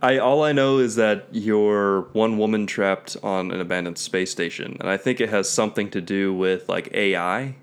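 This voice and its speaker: Low-voiced man chatting easily. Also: normal speed, few pauses, smooth. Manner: easygoing, hedging, thinks aloud. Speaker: podcast co-host. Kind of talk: casual chat about video games.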